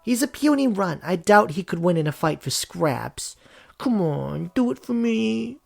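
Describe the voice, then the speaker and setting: A brusque, tomboyish young woman with a cynical streak, as a man puts her on, talking in a lively, swooping voice with a gravelly edge. Faint music plays behind her in this visual novel reading. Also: high voice, unhurried, voice pushed up, exaggerated voice. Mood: blunt. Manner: brusque, teasing.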